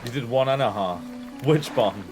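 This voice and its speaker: Animated man streaming a game. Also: medium pitch, moderate pace, music in the background. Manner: playful, chatty, swears freely. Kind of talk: casual gaming stream chat.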